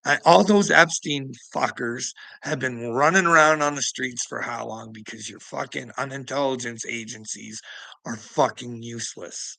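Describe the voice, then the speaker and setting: Guy vlogger, gravelly and tense, swearing, scornful rant. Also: mid-range voice, pushed and bright, dry recording, low-quality recording. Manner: profane, combative, scornful, laughs often. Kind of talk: ranting commentary.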